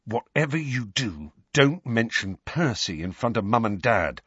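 A man's voice: mid-range voice, wildly swooping pitch, normal speed, breathy edge, dry recording, highs cut off, voice pushed up. A man voicing a blunt, grumbling teenage boy in an audiobook. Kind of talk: audiobook character voice.

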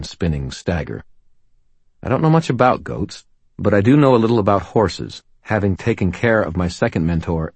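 A man narrating a first-person audiobook in a dry, wry storytelling manner with steady pacing. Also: deep voice, breathy edge, no echo.

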